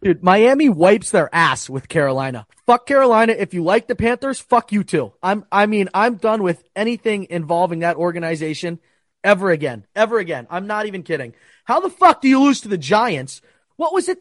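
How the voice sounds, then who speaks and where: A man's voice: high-pitched, lively intonation, moderate pace, no room sound, clean studio sound. A young man hosting a casual sports betting talk, ranting heatedly and swearing often. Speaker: sports betting podcast host.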